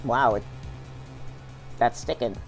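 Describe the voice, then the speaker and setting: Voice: mid-range voice, takes it slowly, creaky, faint music behind. A streamer casually commenting while playing a video game, rambling and restarting sentences. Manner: rambling, self-interrupting, laughs a lot. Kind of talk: casual let's-play commentary.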